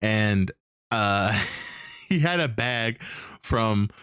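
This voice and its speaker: A man hosting a casual chat, telling animated stories, acting out characters, swearing and laughing often. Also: fairly low pitch, very slow, clear, resonant tone, no room sound, studio quality. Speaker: host.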